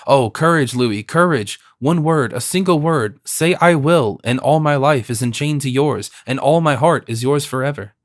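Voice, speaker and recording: A man's voice: medium pitch, moderate pace, hardly any pauses, no room sound, lightly acted. A man reading the part of a passionate young woman who pleads with her royal lover in a dry audiobook recording. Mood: pleading.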